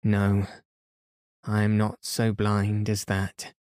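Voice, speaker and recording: A man's voice: fairly low pitch, completely flat delivery, slow pace, a little mellow, clear, resonant tone, no echo, clean studio sound. A man reading the part of a devoted young blind woman who speaks tenderly and earnestly.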